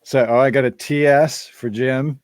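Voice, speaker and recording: A man's voice: mid-range voice, fairly even intonation, normal speed, no echo. A man hosting a live-stream Q&A in casual chat, rambling through asides and laughing often. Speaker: band member hosting a live Q&A.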